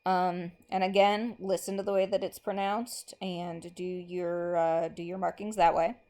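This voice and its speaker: A woman teacher giving a relaxed recorded lesson, thinking aloud with lots of ums and stretching out lines of verse slowly. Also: fairly low pitch. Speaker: English teacher.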